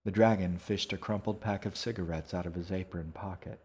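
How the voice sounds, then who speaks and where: A man narrating an audiobook in an even, unhurried storytelling manner. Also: deep voice. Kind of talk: scripted narration.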